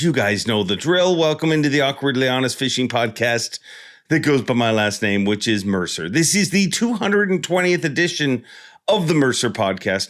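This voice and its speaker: This Irish-born man hosts a fishing podcast, speaking at a medium pitch with a somewhat bright tone. His monologue is casual and rambling, full of jokes and self-deprecation.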